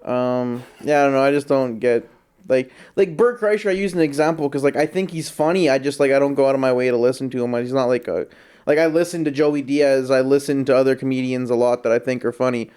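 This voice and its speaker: A man's voice: medium pitch, fast talker, a little mellow, clean tone. A young man co-hosting a casual podcast, laid-back and hedging with lots of filler words. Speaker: podcast co-host.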